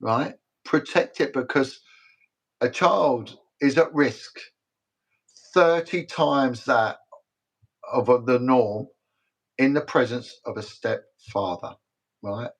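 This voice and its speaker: A retired British detective in middle age, a guest on a relaxed livestream interview, wanders from story to story in an emphatic, repetitive manner. His husky mid-range voice is slow with frequent pauses, and the recording is rough.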